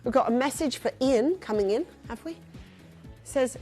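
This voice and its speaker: A woman's voice: high-pitched, normal speed, dark tone, faint music behind. A woman presenting a live shopping channel, chatty and upbeat, rattling off prices and buyers' names. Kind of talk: live TV selling.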